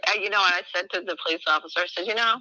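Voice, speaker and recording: A woman's voice: on the low side, very fast, pushed and bright, dry recording, rough recording. A middle-aged woman in an emotional personal conversation, talking fervently and acting out dialogue with big swings in her voice.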